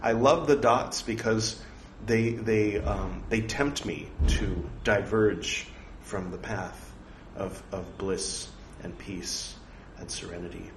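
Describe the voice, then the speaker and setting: A man reciting scripture slowly with deliberate, dramatic emphasis and playful asides. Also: on the low side, fairly even intonation, roomy sound, noisy background. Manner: playful, self-mocking digressions. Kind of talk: slow scriptural reading with wry asides.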